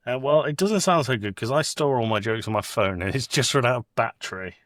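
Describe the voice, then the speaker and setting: A British man co-hosting a podcast, telling jokes in a casual, deadpan way and doing quick voices for the punchlines. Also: mid-range voice, dry recording, clean studio sound. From Britain. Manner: deadpan joke delivery with acted punchline voices. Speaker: podcast co-host. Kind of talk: casual comedic chat.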